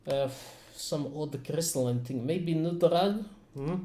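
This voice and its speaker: A man voicing a gruff male ship doctor in a put-on Russian accent, muttering and hesitant as he works. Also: fairly high pitch, measured pace, dark tone, echoey room, natural voice. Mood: puzzled. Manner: hesitant, muttering while working.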